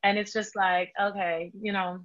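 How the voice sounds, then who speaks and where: A young woman from the Bronx speaks in a mid-range voice, working through her thoughts aloud with many pauses and filler words. The audio is a little dull and muffled. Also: medium pitch, flat delivery, fairly bright tone. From the Bronx, New York. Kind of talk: casual panel discussion.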